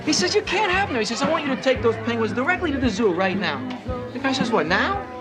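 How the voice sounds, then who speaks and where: A high, lively joke-teller. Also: male voice, quick pace. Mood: amused. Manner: animated joke-telling, acting out the characters. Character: jovial man telling a joke at a party. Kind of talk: film dialogue. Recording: film scene with loud music and crowd.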